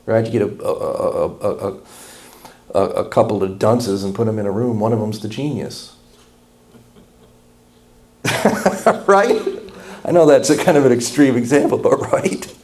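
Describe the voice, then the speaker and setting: A man's voice: fairly low pitch, measured pace, long pauses, a little mellow. Blunt, impassioned man preaching a sermon. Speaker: pastor.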